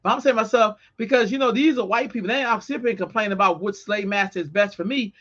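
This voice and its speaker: A woman's voice: mid-range voice, fast, fairly bright tone, muffled recording. A woman co-hosting a podcast in casual chat, talking bluntly and emphatically with plenty of profanity. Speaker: podcast co-host.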